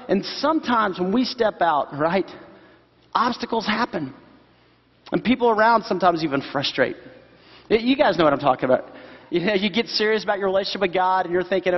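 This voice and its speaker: High-voiced pastor preaching in a reverberant hall. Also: male voice. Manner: conversational preaching with emphatic slow repeats. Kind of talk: sermon. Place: church sanctuary. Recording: dull sound with long hall reverb.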